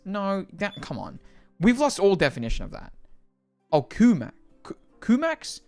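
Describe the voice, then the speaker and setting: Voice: mid-range voice, unhurried, no echo, faint music behind. A livestreamer chatting casually while playing a game, rambling with many fillers and restarts. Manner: rambling, filler-heavy, animated.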